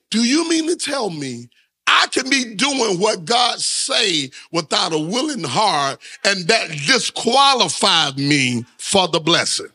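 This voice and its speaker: A man's voice: sits high, sharp tone, slightly rough. A man preaching a sermon, with call-and-response lines he has the congregation repeat. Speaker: pastor.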